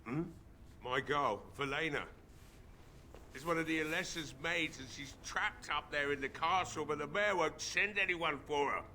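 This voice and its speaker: A man voicing a gruff, bitter old village blacksmith who is drunk, with a weary drinker's drawl, in a video game. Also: fairly high pitch, moderate pace, bright, forceful tone, a little hiss or hum. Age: older.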